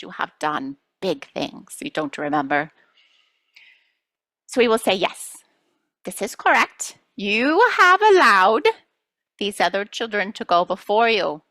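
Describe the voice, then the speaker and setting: A woman's voice: medium pitch, no room sound. A woman channeling a playful collective of star beings who teases and reassures listeners, calling them children. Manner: addresses listeners as children, gently scolding. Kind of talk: channeling session.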